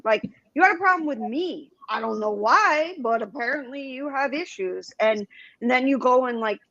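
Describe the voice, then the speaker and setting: Woman cohosting a stream, blunt n cussing, slightly high voice, kinda muffled dull audio. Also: lively intonation, normal speed, a bit bright, no room sound. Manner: blunt, swears freely. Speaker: co-host guest. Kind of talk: casual livestream chat.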